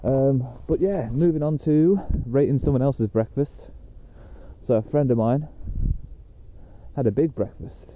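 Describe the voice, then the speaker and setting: Male podcast host, casual rambling talk outdoors, mid-pitch, phone-line tinny audio. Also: unhurried, slight background noise. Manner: rambling and chatty, with many fillers. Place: outdoors on a dog walk.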